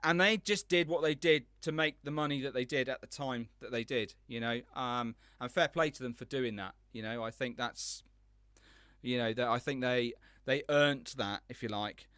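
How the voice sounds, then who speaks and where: A man's voice: mid-range voice, moderate pace, fairly bright tone, clean tone, no echo, clean studio sound. A man hosting a podcast, chatting casually and telling rambling stories with enthusiasm. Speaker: podcast host. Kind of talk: casual chat.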